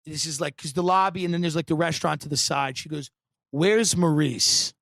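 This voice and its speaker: A comedian from the United States on a podcast, telling a long story in a sardonic, animated and provocative way. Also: male voice, on the high side, fast talker, vocal fry, dry recording.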